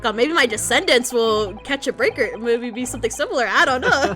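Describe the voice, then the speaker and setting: A giggly young woman commenting on a video game, breaking off mid-sentence and swearing casually. Her voice is high and bright, with lively swings in pitch. Game music hums faintly behind her. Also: a little fast. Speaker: let's play streamer.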